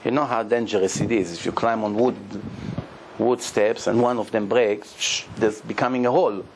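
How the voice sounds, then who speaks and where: A man's voice: lowish voice, normal speed, a little hiss or hum, low-quality recording. A man, a rabbi telling stories in a sermon, acting out the people in them and laughing often. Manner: animated storyteller, acts out the people in his stories, laughs often. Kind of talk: sermon storytelling.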